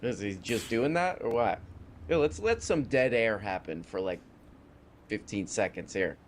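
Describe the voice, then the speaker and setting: A man's voice: lowish voice, lively intonation, measured pace, a little hiss or hum. Sarcastic man hosting a reaction stream. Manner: sarcastic, mocking. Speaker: livestream host.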